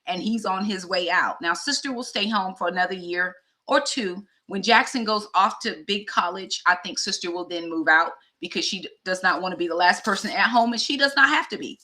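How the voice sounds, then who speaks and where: Bright-voiced woman in her fifties. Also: mid-range voice, fairly quick. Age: 50s. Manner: heartfelt, conversational, addresses viewers directly. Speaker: vlogger and teacher. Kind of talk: candid personal vlog talk.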